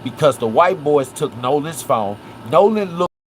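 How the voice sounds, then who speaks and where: There's a little hiss or hum behind this Memphis man, whose voice sits on the high side and moves a little slowly. Hosting a casual livestream, he breaks down a case with animation, leaning on "right?" and "watch this."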